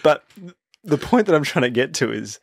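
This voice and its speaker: A man's voice: fairly high pitch, very animated, normal speed, creaky, no echo, clean studio sound. A man, co-hosting a casual podcast chat, telling a rambling story and laughing often. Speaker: podcast co-host.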